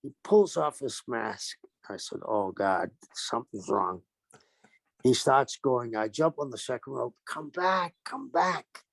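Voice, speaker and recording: An older man with a gravelly, fry-edged voice tells his stories with animation, acting out what people said in each exchange. His voice sits at a middling pitch and sounds dry and close, with no room around it. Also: unhurried, dry recording. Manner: animated anecdotes with acted-out quotes. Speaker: guest, retired pro wrestler. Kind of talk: storytelling interview.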